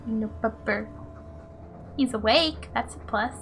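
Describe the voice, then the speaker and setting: Playful woman streamer, fairly high voice, whispered asides, faint game music. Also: a little slow, pauses often, a bit bright. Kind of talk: casual gameplay commentary.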